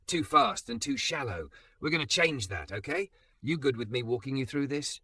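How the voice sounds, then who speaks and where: A man voicing a calm young man who counts someone through their breathing, speaking slowly, steadily and reassuringly. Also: mid-range voice, creaky, a little hiss or hum, voice pushed up, exaggerated voice.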